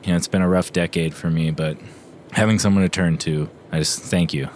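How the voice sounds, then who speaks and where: A man voicing an earnest, anxious male coach at a school for babies in an improvised comedy sketch, who shifts into high frantic cries. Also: steady tone, a little fast, darkish tone, slight background noise, natural voice. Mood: weary. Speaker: comedy podcast co-host.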